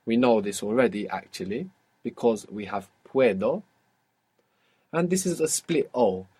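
A man's voice: mid-range voice, big pitch swings, unhurried, darkish tone, husky. A man teaching a guided audio language lesson, patiently asking questions and explaining step by step.

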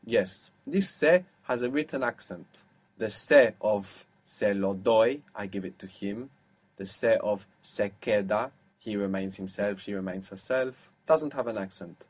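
Low-voiced man teaching a language lesson. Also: breathy edge. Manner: patient, explanatory, slows down on example words.

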